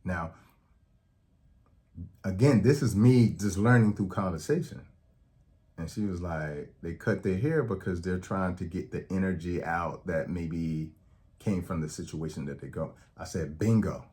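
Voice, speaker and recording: Unhurried and mellow, a deep-voiced man talks to camera as a health educator. He explains in a chatty way, keeps checking in with "okay?", and plays out the dialogue in his anecdotes.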